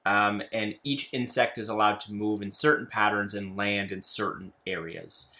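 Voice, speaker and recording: A man's voice: on the low side, fairly even intonation, moderate pace, sharp tone. A man co-hosting a casual board game chat, easygoing and curious as he explains games. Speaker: board game channel co-host.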